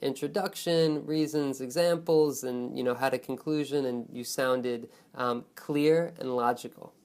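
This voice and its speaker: A male teacher walks students through a speaking self-check in a friendly, expressive voice. He stretches important words to stress them and often checks in with "right?" and "okay?". His pitch sits in an ordinary middle range. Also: unhurried. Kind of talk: online lesson on test speaking.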